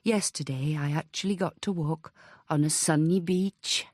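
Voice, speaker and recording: A woman reading the lines of an earnest, eager adult man who talks in hurried, halting phrases. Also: on the high side, no room sound, clean studio sound.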